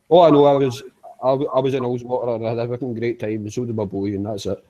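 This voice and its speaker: A man's voice: mid-range voice, mellow, lo-fi sound. A man bantering and swearing in a casual group video chat, often stumbling and restarting his sentences. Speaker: chat participant.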